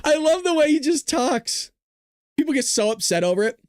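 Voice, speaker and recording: A man's voice: very high-pitched, big pitch swings, moderate pace, a little mellow, no room sound. A man from Southern California with a Southern Californian accent hosting a livestream, joking and rambling on a close mic. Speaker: host. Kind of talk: livestream commentary.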